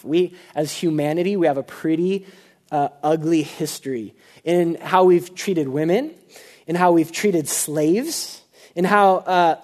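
A man's voice: sits high, a little mellow. A young man preaching a sermon in a casual, conversational way, full of fillers and personal asides. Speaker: pastor. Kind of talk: sermon with prayer and personal stories.

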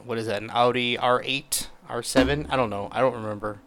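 A man's voice: mid-range voice, steady tone, fairly quick, a bit bright. A man giving casual reaction commentary, muttering offhand remarks and swearing now and then.

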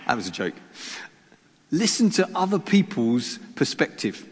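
Animated preacher in a reverberant church hall. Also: male voice, on the high side, takes it slowly, long pauses, slightly rough. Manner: self-deprecating humor, rhetorical questions. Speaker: pastor. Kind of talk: sermon.

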